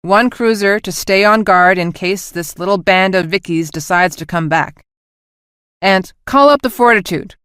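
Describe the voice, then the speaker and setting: A man's voice: sits high, normal speed, a bit bright, clear, resonant tone, dry recording, clean studio sound. A woman voicing a stern, ruthless male fleet admiral who barks curt orders. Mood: commanding.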